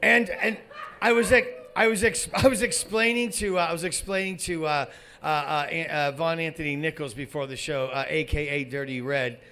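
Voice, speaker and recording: A man hosting a comedy show, swearing and shouting in a rant, then rambling with fillers and restarts. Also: on the high side, steady tone, normal speed. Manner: profane, shouting rants at a heckler.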